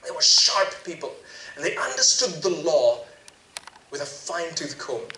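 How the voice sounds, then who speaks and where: An enthusiastic male preacher gives a storytelling sermon in a fairly high, animated voice with a bright edge. He sounds distant from the mic, with a roomy echo and faint noise behind him. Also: moderate pace. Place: large event venue. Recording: echoey hall, distant mic.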